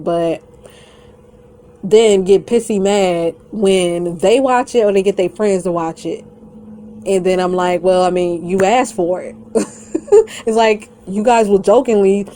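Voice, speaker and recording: A woman vlogger rants straight at her audience in a mid-pitched voice. She is blunt, defiant and profane, rambling from one complaint to the next in a loose, conversational way. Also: dark tone. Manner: blunt and defiant, swears constantly, breaks into laughter; rambling and conversational, addresses viewers directly. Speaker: YouTuber. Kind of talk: profane rant to camera.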